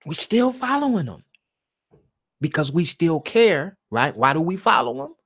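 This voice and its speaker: Alone at home, a man runs a live stream by himself, delivering a slow, meditative monologue that moves from loud emphasis down to almost a whisper. His voice sits on the high side, with big swings in pitch.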